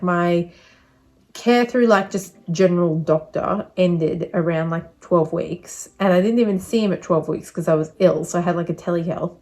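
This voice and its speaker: A woman's voice: lowish voice, darkish tone. Breathless, chatty young woman vlogging. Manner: chatty, rambling with many fillers. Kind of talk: casual vlog update.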